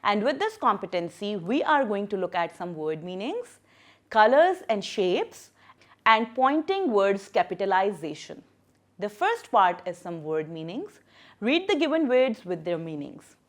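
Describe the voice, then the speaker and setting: Female primary English teacher, animated pitch, emphatic and patient, recorded lesson walkthrough. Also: measured pace. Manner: lively and emphatic, stressing syllables and key words; patient, repeats words for young learners.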